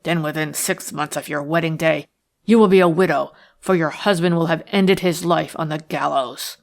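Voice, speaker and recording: A woman reading the lines of a rough, jealous man who threatens and boasts in a harsh, coarse manner. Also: fairly even intonation, moderate pace. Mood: menacing. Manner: sullen, menacing, low-voiced. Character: rough jealous male schemer, bitter and threatening. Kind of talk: audiobook character reading.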